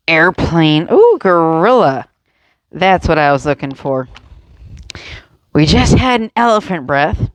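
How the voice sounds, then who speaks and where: A woman's voice: on the low side, no echo. A woman leading a yoga lesson for children and their adults, encouraging, playful and full of questions to the kids. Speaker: kids' yoga instructor.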